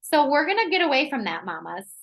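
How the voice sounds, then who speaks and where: Bright, energetic woman wellness presenter. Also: high-pitched, fairly quick, poor audio. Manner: energetic, chatty, frequent "um"s. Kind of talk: live online workshop talk. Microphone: video call.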